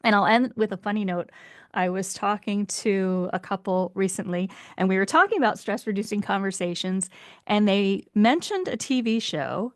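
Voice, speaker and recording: A woman relationship coach, calmly explaining advice for couples and acting out short example exchanges. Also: medium pitch, normal speed, no echo, studio quality. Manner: calm, explanatory, acts out example dialogue.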